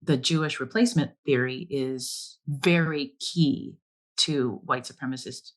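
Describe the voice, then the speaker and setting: Man, podcast guest, stage actor, middle pitch, hesitant, lots of ums, casual chat. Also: unhurried, fairly bright tone. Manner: hesitant, many ums and restarts while explaining.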